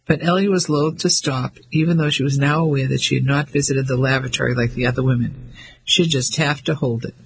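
A man reading a novel aloud in steady scripted narration. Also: mid-range voice, fairly quick, creaky, slight background noise, low-quality recording. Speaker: audiobook narrator.

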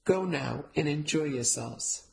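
A woman voicing a gentle, quietly commanding elderly grandmother with slow, measured speech. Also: low-pitched, vocal fry, poor audio.

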